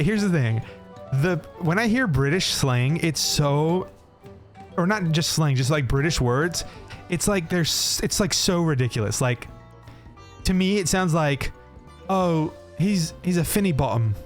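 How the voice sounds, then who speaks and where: A young American man streaming a game, chatting with viewers in a rambling, laughing way and swearing freely. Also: fairly high pitch. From United States. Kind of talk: casual chat with viewers while gaming.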